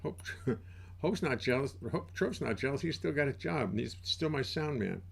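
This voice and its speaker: A man's voice: medium pitch, lively intonation, normal speed, gravelly, husky. An older man hosting a casual livestream from his home studio, chatting in a wry, self-mocking way through a desk mic. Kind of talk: casual rambling livestream chat.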